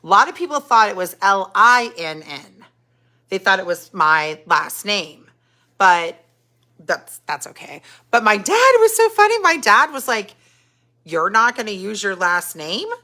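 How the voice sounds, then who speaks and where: A woman's voice: mid-range voice, sing-song, a little slow, pushed and bright. A middle-aged woman hosting a casual live stream, greeting viewers by name and chatting about their comments while she thinks aloud. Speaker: podcast host reading live chat comments.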